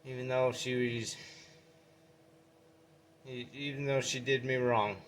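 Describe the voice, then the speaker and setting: A man's voice: medium pitch, level tone, slow, slight background noise. A man filming a casual vlog update, out of breath and talking in a folksy, rambling way. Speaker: vlogger.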